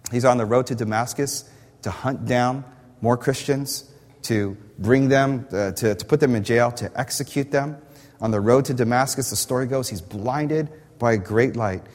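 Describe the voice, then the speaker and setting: A man's voice: medium pitch, moderate pace, a little mellow. A man preaching a sermon as a pastor, impassioned and emphatic, repeating words as he builds his points. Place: church sanctuary. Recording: echoey hall reverb.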